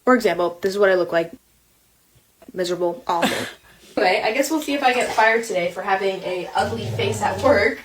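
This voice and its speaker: A woman's voice: medium pitch, a little fast, roomy sound, distant mic, a little hiss or hum, low-quality recording. A woman telling a story in a casual vlog, amused and self-deprecating.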